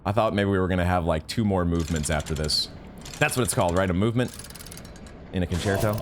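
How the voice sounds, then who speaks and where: A young man giving emotional live commentary on a video game, exclaiming often and reading game text aloud slowly. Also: deep voice. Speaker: let's play gamer. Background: game music.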